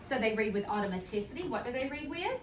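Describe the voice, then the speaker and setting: A woman teaching a second-grade phonics lesson, speaking clearly and deliberately. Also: a little high, sing-song. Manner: clear, deliberate teacher talk, slowing to model words. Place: classroom. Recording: echoey classroom from far off, noisy.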